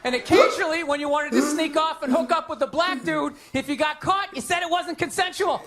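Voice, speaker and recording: A man doing a stand-up routine, ranting and shouting his punchlines at a live show. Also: very high voice, a little fast, vocal fry, soft background music. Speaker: stand-up comedian. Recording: live show with loud audience laughter. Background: crowd laughing.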